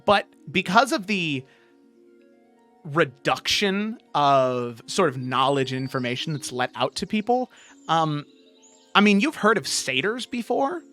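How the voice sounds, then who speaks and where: A woman narrating as game master of a tabletop game, relaxed and full of ums. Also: low-pitched, a little slow, soft background music. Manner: relaxed, lots of ums and likes.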